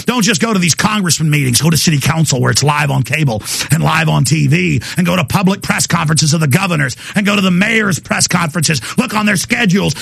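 A worked-up male talk show host yelling a fiery rant in a gravelly, high-pitched voice. His tone is tense and forceful, with bursts of manic laughter. The sound is dry and close. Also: dry recording.

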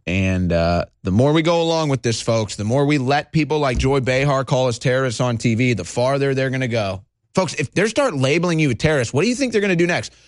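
A male talk show host delivering a heated, agitated monologue, swinging between low intensity and shouting. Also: expressive, a little fast, no room sound, clean studio sound.

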